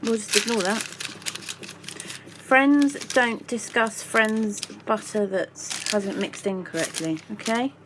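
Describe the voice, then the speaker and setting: A woman's voice: mid-range voice, slow, noisy background. Chatty woman baking at home. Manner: chatty, playful, makes up silly rhyming words. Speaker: baking vlogger. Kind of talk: casual chat while baking. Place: home kitchen.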